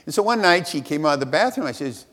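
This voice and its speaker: A man's voice: fairly high pitch, expressive, fast, in a large hall, background noise. A man giving a motivational speech at a sales convention. He tells a self-mocking story with lots of animation.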